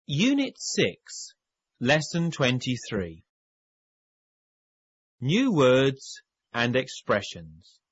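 Slow, careful man reading lesson instructions. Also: mid-range voice, wildly swooping pitch, breathy edge, dry recording. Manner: slow, careful enunciation for learners. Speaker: course audio narrator. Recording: dull lo-fi tape audio.

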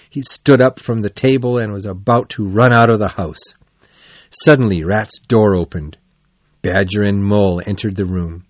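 A man narrating a children's animal story in a measured, clear reading voice. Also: on the low side, fairly even intonation, no echo.

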